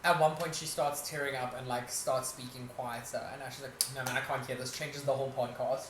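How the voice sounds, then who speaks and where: A woman co-hosting a casual podcast, telling stories with lively quoted voices. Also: very deep voice, fairly quick. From South Africa. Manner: expressive storyteller, shouts out quoted lines. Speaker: podcast co-host. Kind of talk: casual chat. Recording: echoey room, mic at a distance, noisy.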